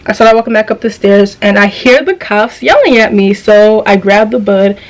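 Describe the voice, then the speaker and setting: A woman's voice: medium pitch, normal speed, few pauses, low-quality recording. Chatty young woman telling a story. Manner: chatty, slangy and profane, with frequent restarts. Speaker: vlogger. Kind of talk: casual storytime monologue.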